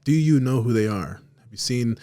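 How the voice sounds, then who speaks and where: A man's voice: mid-range voice, lively intonation, normal speed, mellow, no room sound. A man hosting a casual podcast chat, blunt and emphatic, swearing often as he makes his points. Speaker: podcast host.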